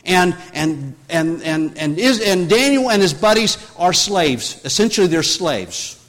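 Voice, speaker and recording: A man's voice: high-pitched, expressive, measured pace, a bit bright, long reverb tail. A man preaching a sermon, telling a story with many restarts and rising in force when he drives home his point. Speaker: pastor.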